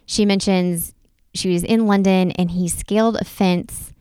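A woman's voice: medium pitch, fairly even intonation, unhurried, mellow, smooth, dry recording. A woman co-hosting a podcast, summarizing in casual chat full of "like" and "um". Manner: chatty, lots of "like" and "um" fillers. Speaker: podcast co-host.

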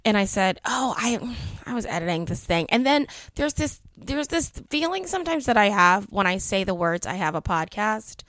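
A chatty woman co-hosting a podcast, telling a story in easy casual conversation and laughing often. Her voice sits at a middle pitch. The sound is dry and close, with no room around it. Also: sing-song, normal speed, few pauses, a bit bright, dry recording. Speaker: podcast co-host. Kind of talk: casual chat.

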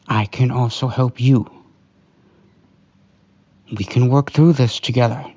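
Husky man in soothing role-play. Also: medium pitch, fairly even intonation, muffled recording. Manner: soft, hushed, soothing and slow. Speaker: storyteller. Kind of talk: comforting partner role-play.

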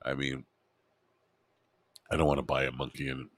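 A man's voice: very deep voice, flat delivery, moderate pace, no room sound, clean studio sound. A man hosting a podcast alone, rambling and muttering to himself with wry asides. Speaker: podcast host.

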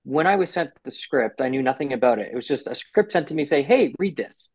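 A man giving an interview about a TV series he works on, talking with lively restarts and acted-out quotes. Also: mid-range voice, no room sound, low-quality recording. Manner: animated, quick restarts and quoted asides.

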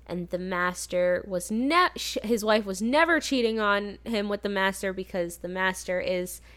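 A woman's voice: medium pitch, moderate pace, fairly bright tone. A young woman casually recapping a movie plot in a rambling, chatty way, laughing now and then.

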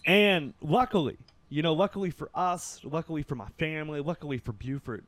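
Brisk and casual, a Kentucky man recounts a story as a podcast guest, his delivery rising into loud bursts and dropping into hushed, low stretches.

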